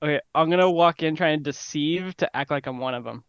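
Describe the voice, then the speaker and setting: A man playing a tabletop game, brash and joking, now and then yelling his lines. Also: on the high side, a little fast, smooth, no echo, dull audio. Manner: brash, shouting jokes. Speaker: player. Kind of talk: in-character tabletop play.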